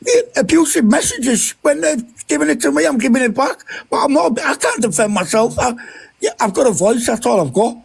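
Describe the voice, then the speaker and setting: A man's voice: extremely high pitch, very animated, fairly quick, gravelly, breathy edge. A middle-aged man arguing defensively on a live stream, swearing and insisting he is telling the truth. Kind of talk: heated live-stream argument.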